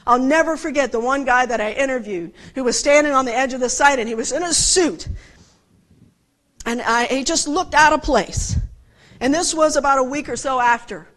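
A woman's voice: high-pitched, moderate pace, fairly bright tone, rough recording. A woman preaching a sermon, telling personal stories with passion and asking her listeners rhetorical questions.

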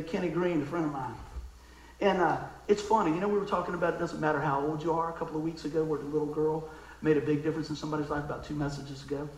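A man preaching with a fervent, folksy manner that keeps calling for an amen. His voice sits high for a man. It rings out through a roomy, echoing sanctuary. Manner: fervent, folksy, calls for amens. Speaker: pastor. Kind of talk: sermon.

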